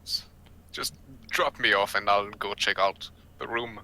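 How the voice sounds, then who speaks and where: A man's voice: lowish voice, unhurried, creaky, pushed and bright. A young man playing in a tabletop game, talking casually and flippantly with jokes. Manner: flippant, joking. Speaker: player. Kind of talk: casual in-character game chat.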